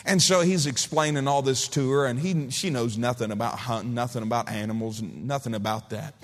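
Folksy preacher in a big hall. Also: male voice, medium pitch, fairly quick. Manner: folksy, joking storyteller. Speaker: pastor. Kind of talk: sermon. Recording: reverberant church hall.

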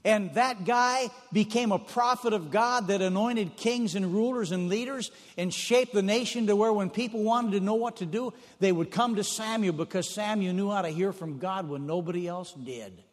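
A man's voice: high voice, moderate pace, hardly any pauses, in a large hall. A man preaching a sermon, retelling stories in a folksy way and repeating phrases for emphasis.

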